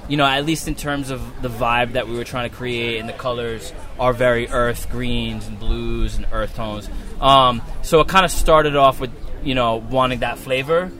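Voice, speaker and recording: A man with a Long Island accent, a muralist talking casually in an interview, relaxed and rambling with many fillers and restarts. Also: medium pitch, normal speed. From Long Island, New York. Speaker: muralist guest. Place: outdoors at a wall being painted.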